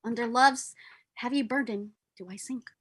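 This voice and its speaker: A young woman reading the part of Romeo, a lovesick, gloomy young man, in an unrehearsed livestreamed Shakespeare reading, with slow and weighty delivery. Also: fairly high pitch, husky, low-quality recording. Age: young adult. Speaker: volunteer reader.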